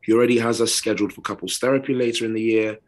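A British man co-hosting a casual podcast, speaking earnestly with drawn-out pauses, then reading out a listener's letter. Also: fairly low pitch, fairly even intonation. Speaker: podcast co-host.

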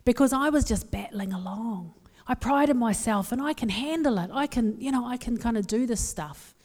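A woman's voice: on the high side, moderate pace, a little mellow. A woman with a New Zealand accent giving a humorous, candid personal talk to a live audience, telling stories in a self-deprecating way. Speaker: speaker. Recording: long hall reverb.

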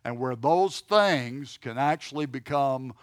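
Guy leading a bible class, chatty, keeps asking "right?", mid pitch, dry close sound. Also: animated, a little slow, no room sound. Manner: conversational, checks in with listeners.

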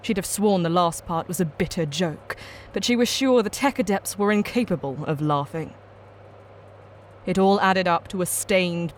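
A woman reading a dark science-fiction short story as scripted narration, measured and somber. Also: on the low side, slight background noise.

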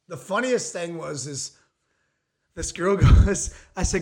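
A man's voice: a little high, normal speed, darkish tone. A young man hosting a casual podcast, telling crude stories with lots of swearing and laughter. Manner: profane, rambling storyteller, laughs often. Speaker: podcast host. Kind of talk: casual chat.

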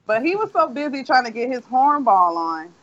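A man's voice: very high voice, big pitch swings, moderate pace, bright, forceful tone. A man telling a rambling, profane childhood story in a casual chat. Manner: rambling, profane, laid-back. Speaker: co-host. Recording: dull lo-fi audio.

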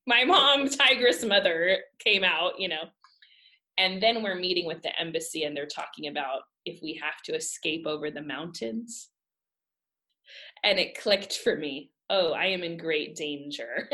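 A woman in her thirties from the United States, telling a personal faith story in a lively, emphatic way with frequent laughter. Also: fairly low pitch. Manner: animated, laughing often, emphatic. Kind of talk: casual storytelling.

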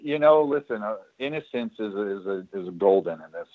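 Expressive and brisk, a man with a fairly low pitch tells stories about his years at a studio. He is the guest in a casual interview and rambles with plenty of fillers and restarts. The recording is dry, with a tinny phone-line sound.

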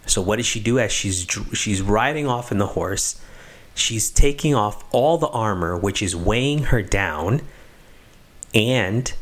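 Man, lowish voice, moralizing talk; stresses key words, stumbles and restarts. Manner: emphatic, lingers on key words; halting, with restarts and fillers. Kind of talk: moral reflection on a film.

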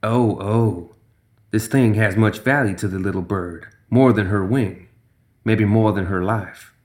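A man's voice: lowish voice, unhurried, darkish tone, natural voice. A man voicing a sinister, hissing female creature who gambles greedily and repeats herself slyly. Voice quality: hissing, sly repetitions.

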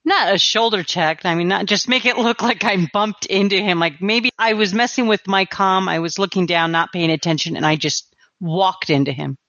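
A woman's voice: mid-range voice, moderate pace, fairly bright tone, dry recording, dull audio. A woman playing a tabletop game who describes her character's actions in a casual, conversational way. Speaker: player.

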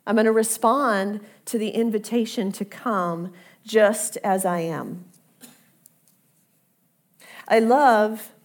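Slow, earnest woman preaching a sermon. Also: mid-range voice. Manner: conversational, earnest, drops to soft near-whisper for quoted invitations. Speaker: pastor.

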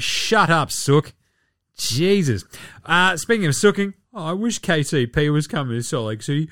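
A man's voice: on the high side, expressive, moderate pace, a bit bright, no room sound, studio quality. A man hosting a casual sports podcast, swearing freely and mocking players with sarcastic impressions. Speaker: podcast host.

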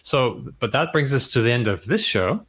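A man hosting a podcast, chatting casually and reading the show's sign-off in a brisk, friendly way. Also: medium pitch, expressive, sharp tone, slightly rough. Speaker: podcast host. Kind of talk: casual chat and show sign-off.

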